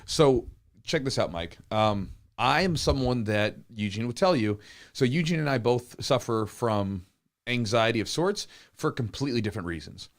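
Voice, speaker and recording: A man in his thirties hosting a live podcast Q&A, chatting casually and telling stories with lively acted-out quotes. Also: mid-range voice, moderate pace. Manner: animated storyteller, acts out quotes, swears casually. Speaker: podcast host and jiu-jitsu coach.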